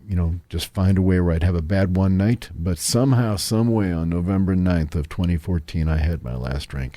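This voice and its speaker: A man's voice: low-pitched, warm tone, dry recording. A man who hosts radio, telling his recovery story in a conversational way with frequent "you know"s. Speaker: radio host and recovery speaker.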